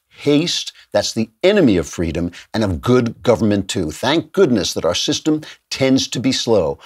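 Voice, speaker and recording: Male talk-show host, husky and low, emphatic and sardonic commentary. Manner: emphatic, sardonic, with occasional laughs. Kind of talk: opinionated commentary.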